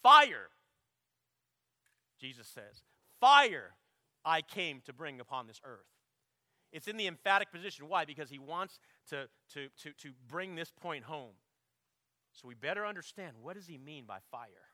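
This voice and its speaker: Bright-voiced preacher with booming emphasis. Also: male voice, lively intonation, moderate pace, no room sound, studio quality. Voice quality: clears throat often. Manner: emphatic preaching, swelling loud on quotes, dropping low to reflect. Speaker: pastor. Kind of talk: sermon.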